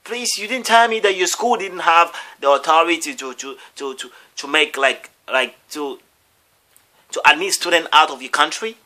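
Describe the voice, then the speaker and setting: A man voicing an indignant male student who loudly complains and keeps repeating himself. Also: on the high side, moderate pace, voice pushed up. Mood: outraged. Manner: indignant, repeating "please" and "why".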